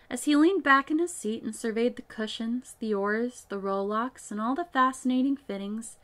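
A woman narrating a classic animal storybook in a gentle, measured and expressive way. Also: on the high side.

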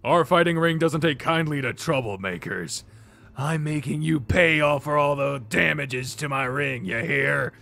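A man's voice: on the high side, measured pace, creaky, bright, forceful tone, exaggerated voice. A man voicing a stern male owner of a fighting ring, speaking in a threatening way.

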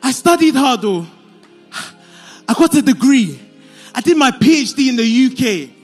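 An actor playing an overworked, self-pitying husband in a church stage drama. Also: male voice, very high-pitched, big pitch swings, moderate pace, husky, soft background music, full character voice. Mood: lamenting. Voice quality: pleading, whiny.

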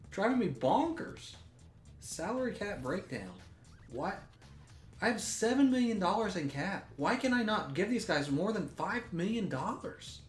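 Young guy cussing at a game, voice jumps all over, echoey room. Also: high-pitched. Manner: exasperated ranting, swearing, frequent restarts. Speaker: gaming YouTuber. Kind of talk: gameplay commentary. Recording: roomy echo with faint music.

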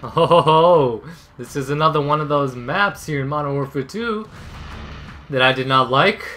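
A man giving live commentary on his own gameplay, ranting, yelling and sarcastically griping at teammates. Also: on the high side, unhurried, soft background music. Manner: raging, yelling outbursts at teammates.

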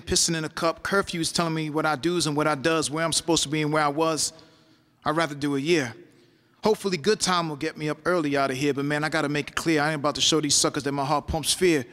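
A man's voice: a little high, steady tone, fast, sharp tone. A man giving a spoken-word performance as a poet, with a rhythmic, rhyming delivery. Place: lecture hall. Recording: long reverb of a lecture hall.

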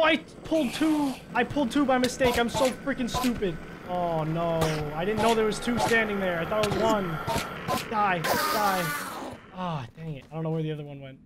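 Young guy gaming, highish voice, mutters then yells, clicks and noise behind. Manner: excitable, swings between muttering and yelling. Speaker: gaming YouTuber. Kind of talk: live gameplay commentary.

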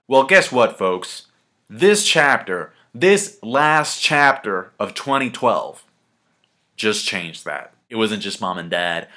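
A man with a low-set voice and a bright, forceful edge reviews a comic chapter in a casual chat. He talks excitably and slangily, swearing freely and piling on fillers as he goes. It is a home video review. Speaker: manga reviewer.

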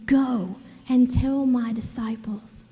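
Lady doing a soft whispered gentle man, calm and solemn, mellow tone. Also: on the high side, slow pace. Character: gentle risen man speaking softly. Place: church sanctuary. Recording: long church hall reverb.

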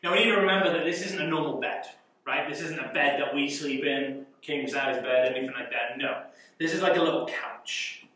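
A young man leading a youth Bible study, teaching in an animated way with rhetorical questions and frequent chuckles. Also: mid-range voice, a little fast. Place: church youth room. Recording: echoey room, mic far off.

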